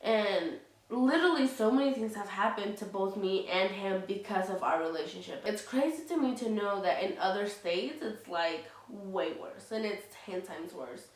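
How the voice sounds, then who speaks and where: An outspoken woman talks straight to her viewers in a loose, unscripted vlog, blunt and fired up, with the odd curse. Her voice sits at an ordinary middle pitch. It sounds roomy, as if she sits back from the mic. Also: moderate pace, recorded from a distance. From Latina heritage. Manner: frank and heated, swears freely, many fillers like "you know". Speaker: vlogger. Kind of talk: casual candid vlog talk.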